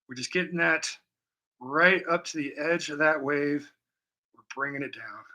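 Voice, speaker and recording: A man's voice: fairly high pitch, a little slow, pushed and bright, low-quality recording. A man livestreaming a painting session, chatting casually with a joking, profane, rambling manner and breaking into snatches of song, heard through a laptop mic. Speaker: live-streaming painter.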